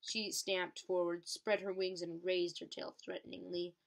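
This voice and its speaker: A woman reading a novel aloud in a steady way, with occasional slips she corrects. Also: lowish voice, unhurried, vocal fry. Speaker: reader.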